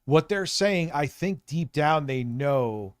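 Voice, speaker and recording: A man live-streaming, rambling and reacting loudly in casual, profane commentary. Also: a little high, animated, takes it slowly, clean tone, no echo.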